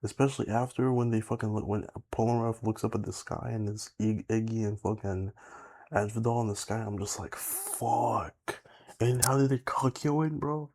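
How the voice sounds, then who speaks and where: A young man talks loosely to his viewers, piling on filler words and curses as he rambles. His voice sits low and gravelly, with a dark, mellow tone. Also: a little fast. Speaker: YouTuber. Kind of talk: casual rambling vlog chat.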